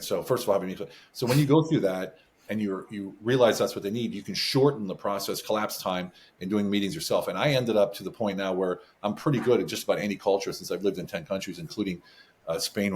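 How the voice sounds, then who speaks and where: A fairly low-pitched American man talks as a guest in a relaxed interview. He tells stories with animated energy and frequent chuckles. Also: slight background noise. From United States. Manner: animated storyteller, chuckles often. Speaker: podcast guest, business advisor. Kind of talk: casual interview talk.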